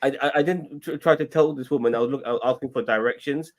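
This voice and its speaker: A man's voice: mid-range voice, fast. A man in his forties with an English accent, telling a rambling story in casual banter. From England. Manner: rambling anecdote with restarts and swearing.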